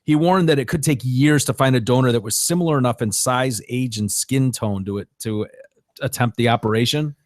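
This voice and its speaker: A man's voice: medium pitch, fairly quick, dry recording. Joking male podcast host, dry sound. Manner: joking, laughs often, loose fillers. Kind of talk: casual podcast banter.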